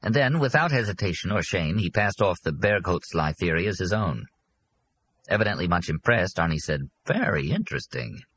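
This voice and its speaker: A man narrating an audiobook with an expressive reading. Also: low voice, moderate pace, slight background noise.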